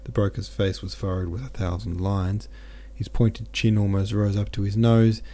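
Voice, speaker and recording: Reading a classic novel aloud as audiobook narration, this male podcast host has a low, mellow voice. His pace is normal and his delivery steady, though he makes small self-corrections along the way.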